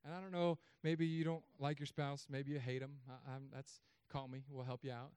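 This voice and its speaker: A man in his thirties preaching a sermon as pastor, telling stories in an animated way with sudden loud, high bursts. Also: moderate pace, clean tone, dry recording.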